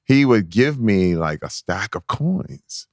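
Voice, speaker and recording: Deep-voiced man telling his story. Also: slow, no echo, studio quality. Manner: animated, acts out his own past voice in a squeaky high pitch; emphatic, repeats words and restarts when excited. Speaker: podcast guest. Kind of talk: candid storytelling conversation.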